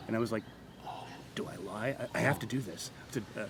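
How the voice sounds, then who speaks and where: A man from Florida in his forties, a performer and author, telling stories in a casual interview, animated and laughing often. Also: lowish voice, quick pace, a little hiss or hum. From Florida, USA.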